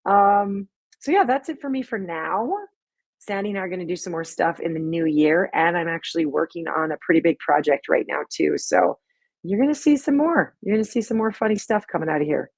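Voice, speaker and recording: This is a middle-aged woman hosting a casual live stream about making her comedy sketches. Her voice sits on the low side and has a husky, breathy edge. The sound is dry and close, with no room echo, and she talks in a loose, rambling way full of fillers. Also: lively intonation, a little fast. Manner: chatty, rambling storytelling with many fillers. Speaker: sketch comedy creator and host.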